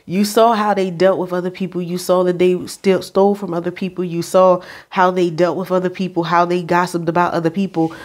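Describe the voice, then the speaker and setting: Low-voiced woman giving a spiritual reading. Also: a little mellow. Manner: unhurried, frequent "all right?" check-ins; addresses the Holy Spirit aloud. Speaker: spiritual card reader. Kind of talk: intuitive reading monologue.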